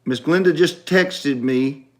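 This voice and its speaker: A man's voice: a little high, takes it slowly. Emphatic man hosting from home. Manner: emphatic, repeats instructions to viewers. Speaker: talk show host. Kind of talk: casual livestream talk.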